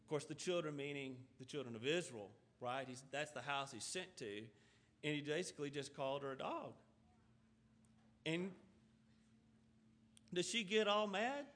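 Guy preaching a sermon, high bright voice, earnest, reads verses then explains em. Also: expressive, normal speed, long pauses. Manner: earnest, asks rhetorical questions in runs; reads scripture aloud and then explains it in plain talk. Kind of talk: sermon, reading scripture and expounding.

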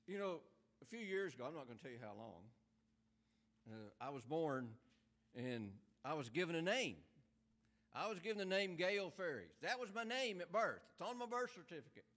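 A preacher in his sixties with a high, bright voice that swings widely in pitch. He talks to the congregation like a neighbor, then presses harder and louder as the point builds. Scripture comes out slow and measured. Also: very animated. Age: 60s. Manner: conversational preaching that builds into fervent emphasis; reads scripture slowly and deliberately. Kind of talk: sermon. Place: church.

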